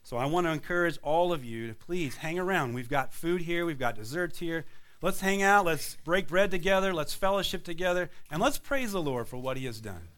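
A pastor leading an earnest closing prayer, then making announcements to the congregation in a church hall. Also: male voice, on the high side, animated, a little fast, fairly bright tone. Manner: earnest, fervent praying.

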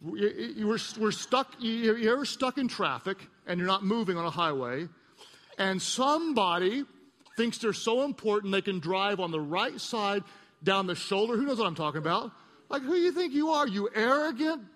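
A middle-aged man preaches from a church stage, his voice sitting high and ringing bright. He tells stories with lively, acted-out voices and gently mocks himself. The big hall carries a long reverb behind him. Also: moderate pace. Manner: animated storyteller, acts out voices and mocks himself. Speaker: pastor. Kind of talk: sermon.

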